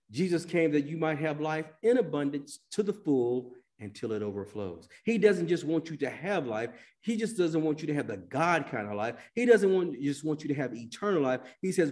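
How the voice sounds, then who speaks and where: A male pastor preaching in a mid-pitched voice. His delivery swings from loud, emphatic bursts down to near-hushed phrases. Now and then he acts out quoted speakers in a loose, colloquial way. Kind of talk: sermon.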